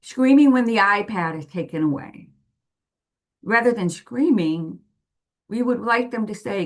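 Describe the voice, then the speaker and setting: Slow, patient woman explaining to parents. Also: medium pitch, animated. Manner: patient, gives everyday examples. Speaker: parent guide presenting to families.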